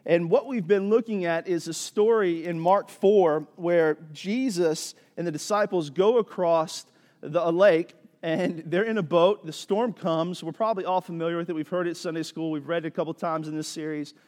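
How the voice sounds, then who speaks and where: A man's voice: a little high, normal speed, darkish tone, big-room sound. A man preaching a sermon as pastor, talking casually with slang and building in intensity. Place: church sanctuary.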